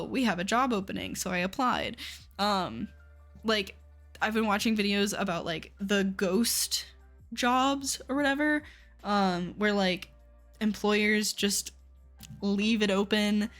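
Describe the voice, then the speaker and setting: A woman's voice: medium pitch, fairly bright tone. A young woman from Seattle chatting casually on a live stream, talking frankly and with exasperation, swearing often. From Seattle, USA.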